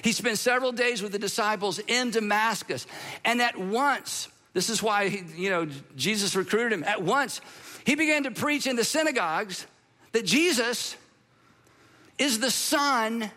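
A man preaching a sermon, telling the story in an animated way with playful humor. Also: high-pitched, measured pace. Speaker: pastor.

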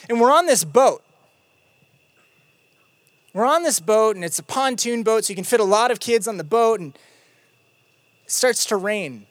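This youth pastor preaches in a relaxed, conversational way, with playful asides and lively retelling that settles into quiet emphasis. The voice sits at a mid pitch. The sound is close and dry, with no room echo. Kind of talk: sermon.

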